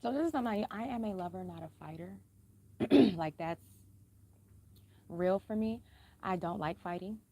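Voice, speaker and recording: A woman's voice: moderate pace, long pauses. Blunt, cussing woman speaking pointedly. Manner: blunt, cusses freely, speaks pointedly with emphatic repetition; says she is a singer who keeps her voice calm and low-key. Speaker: vlogger. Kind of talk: casual personal talk to camera.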